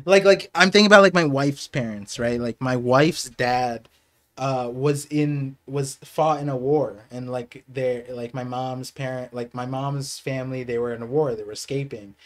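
A young adult man streaming a live reaction, excitable and laughing, then turning quiet and reflective. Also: mid-range voice, moderate pace. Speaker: streamer reacting to a manga chapter.

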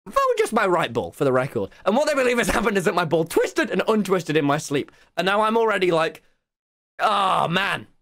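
A man's voice: high-pitched, huge pitch swings, quick pace, hardly any pauses, a bit bright, dry recording. A young man telling a comic story as a streamer, exclaiming and swearing freely.

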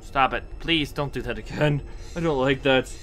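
A man's voice: mid-range voice, normal speed, a bit bright, a little hiss or hum. A young man commentating a horror game, nervous and jumpy, chatting to objects around him and yelping at scares. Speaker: gaming YouTuber.

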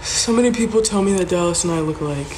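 A woman's voice: on the low side, fast talker, a little mellow. A woman on a phone livestream, casually telling a story, acting out the voices of the people in it and swearing freely. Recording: roomy with background noise.

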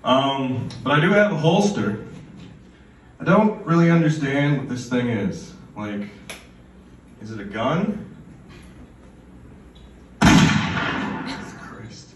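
Slow and animated, with long pauses, a young man of medium pitch performs stand-up live, his delivery rambling, absurd and full of stammers. He's captured from far away in a roomy space with a little background noise.

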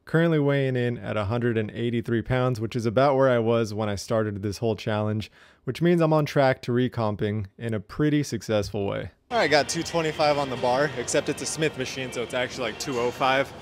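Brisk and medium-pitched over a faint hiss or hum, a young man vlogs casually from the gym. Winded between sets, he stays cheerful and chatty, cracking self-deprecating jokes and throwing around "dude."

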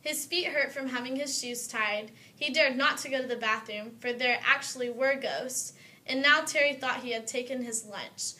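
A woman reading a children's story aloud in a steady, expressive way. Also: high-pitched, normal speed, roomy sound, recorded from a distance, rough recording.

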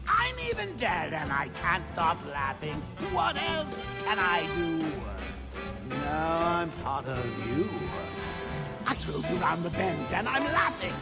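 A murderous male clown villain, gleeful and menacing. His gravelly voice lurches up and down in slow sing-song taunts. Loud soundtrack music plays behind him. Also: on the high side, huge pitch swings, full character voice. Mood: gleeful menace. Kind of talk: video game song performance. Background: game soundtrack music.

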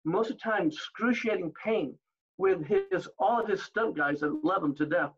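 An older man telling stories as an interview guest, animated, acting out the exchanges he recalls. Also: sits high, normal speed, husky, muffled recording. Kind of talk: storytelling in an interview.

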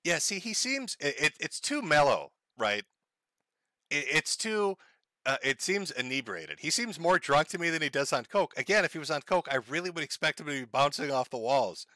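A man's voice: a little high, sing-song, moderate pace, pushed and bright, no room sound. A man doing casual livestream commentary on clips, mocking and profane, often breaking into laughter.

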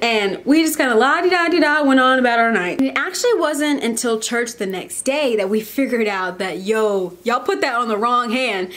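A woman's voice: fairly high pitch, a bit bright. A young woman, chatting to camera in a casual, bubbly and emotional way. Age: young adult. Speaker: vlogger.

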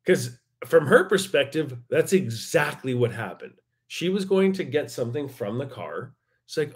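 A man's voice: medium pitch, big pitch swings, normal speed. A man with an Albertan accent hosting a casual solo podcast from his bedroom, rambling and joking with lots of restarts. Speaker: podcast host. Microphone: table mic.

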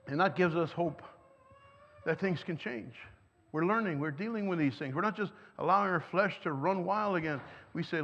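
A man's voice: sits high, creaky, fairly bright tone, husky. A man preaching a sermon, earnest and emphatic, often asking his listeners questions. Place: church hall. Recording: dull sound, long reverb in a hall.

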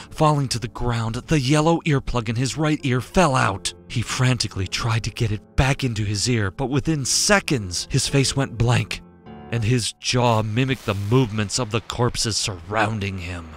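A man narrating a scripted horror story in a hushed, grave, drawn-out way. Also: mid-range voice. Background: faint background music.

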